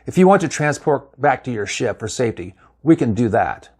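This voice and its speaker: A man's voice: medium pitch, big pitch swings, brisk, husky. A man voicing a commanding male starship captain with clipped questions, in a read-aloud story. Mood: terse.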